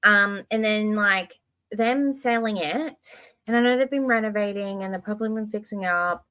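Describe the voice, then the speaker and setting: A woman hosts a casual livestream, rambling expressively from thought to thought, swearing casually now and then, and occasionally reading chat comments aloud. Her mid-range voice moves at normal speed and sounds pushed, bright, and clean.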